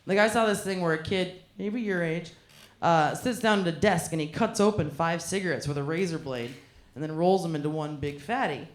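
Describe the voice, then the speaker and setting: A woman's voice: lowish voice, moderate pace. A woman doing live stand-up, crude and teasing as she banters with the front row. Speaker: stand-up comedian. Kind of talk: live stand-up with crowd work. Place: comedy club stage. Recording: echoey club room.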